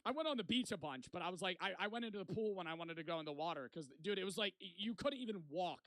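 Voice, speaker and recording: A man's voice: high-pitched, rapid-fire, dry recording. A young man streamer telling a rambling, profane story to his chat in a casual way. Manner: rambling, profane, animated retelling.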